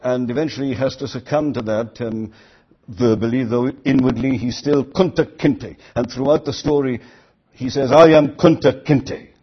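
An older male preacher delivers a sermon with a husky, slightly rough voice. He talks earnestly and lifts his voice for emphatic quoted lines. The recording sounds dull and lo-fi. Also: medium pitch, fairly even intonation, normal speed.

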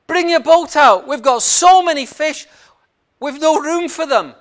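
Brief: preacher playing an exasperated male fisherman, raised and insistent, unhurried. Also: sits high, voice pushed up. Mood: excited. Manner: loud indignant inner grumbling.

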